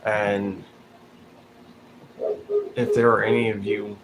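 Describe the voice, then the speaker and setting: A man's voice: fairly low pitch, little pitch movement, slow pace. A man giving blunt, profane commentary in a casual vlog, calling people out directly. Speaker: vlogger. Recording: noticeable background noise.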